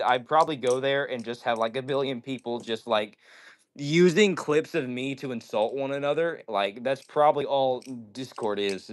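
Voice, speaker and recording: A man with a medium-pitched, fairly bright voice hosts a casual livestream, chatting with viewers, rambling, and apologizing often.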